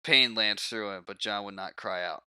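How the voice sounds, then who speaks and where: Deep, crisp young male co-host. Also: moderate pace. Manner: blunt, swearing, animated. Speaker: podcast co-host and reader. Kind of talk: casual chat and reading aloud.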